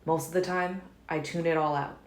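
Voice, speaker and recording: Low-voiced woman reading an audiobook. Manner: calm, measured first-person reading. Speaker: audiobook reader. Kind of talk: fan audiobook narration. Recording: roomy echo, faint noise.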